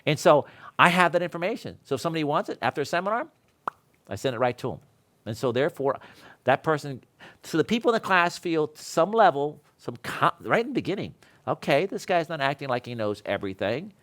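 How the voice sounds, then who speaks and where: Animated man teaching a seminar. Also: a little high, fast. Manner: animated storytelling with laughs. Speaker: seminar instructor. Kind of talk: casual classroom talk.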